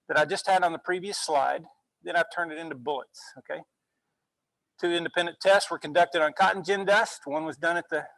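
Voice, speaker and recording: A man's voice: on the high side, a bit bright, no echo, rough recording. Lecturing man checking in with "okay?". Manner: conversational, frequent "okay?" check-ins. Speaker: university instructor. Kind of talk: classroom lecture.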